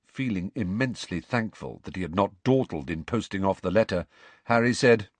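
A man with a fairly low voice narrates an audiobook in an expressive storytelling style. He speaks at a normal pace, and the recording is dry.

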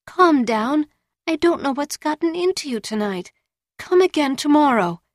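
A woman's voice: high voice, animated, normal speed, no room sound, clean studio sound, voice pushed up. A woman voicing a scheming young geisha who coaxes and pleads in a raised, wheedling voice. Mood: pleading. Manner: coaxing, wheedling.

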